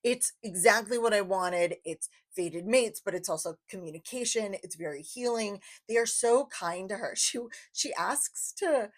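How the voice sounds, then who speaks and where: A woman's voice: mid-range voice, a little slow, hardly any pauses. A young adult woman giving a casual book review, chatty and enthusiastic, repeating phrases for emphasis.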